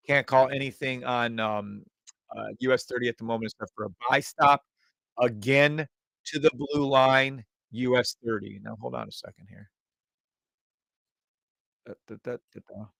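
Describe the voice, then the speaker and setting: A man's voice: mid-range voice, gravelly, a bit bright, no room sound. A man hosting a live trading stream, chatting to viewers and humming la-da-da tunes between chart calls. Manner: hums la-da-da tunes while reading charts; chatty, addresses viewers directly.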